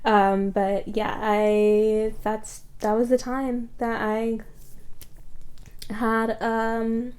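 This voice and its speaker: A woman's voice: fairly high pitch, little pitch movement, extremely slow, darkish tone. A woman vlogger telling a story in a casual, rambling way, full of "like" fillers and blunt swearing.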